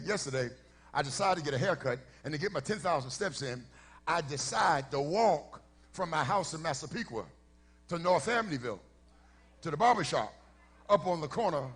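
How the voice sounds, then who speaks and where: A middle-aged man, a pastor, telling a story in a sermon before his congregation, shifting from easy conversational talk to shouted preaching. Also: a little high, breathy edge. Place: church sanctuary before a congregation.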